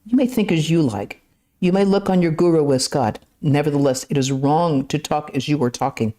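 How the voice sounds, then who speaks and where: A woman reading the lines of an ailing, elderly holy teacher who rebukes calmly and firmly. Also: low voice, moderate pace, lightly acted. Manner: calm, firm rebuke. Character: ailing elderly holy man, gentle but firm.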